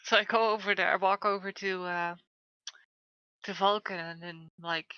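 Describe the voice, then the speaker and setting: A woman playing a tabletop game, teasing and asking quick questions. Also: medium pitch, steady tone, background noise. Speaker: player. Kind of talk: casual tabletop play. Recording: dull lo-fi recording.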